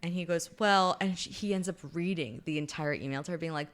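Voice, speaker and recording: A woman's voice: on the low side, fairly quick. A young woman co-hosting a podcast, animatedly retelling a romance novel's plot and acting out the characters' lines in casual chat.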